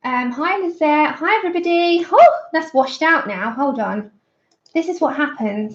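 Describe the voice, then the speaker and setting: A woman's voice: high voice, expressive, moderate pace. A woman hosting a colouring livestream, chatting casually and greeting viewers by name with scatterbrained asides. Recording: roomy, dull lo-fi sound.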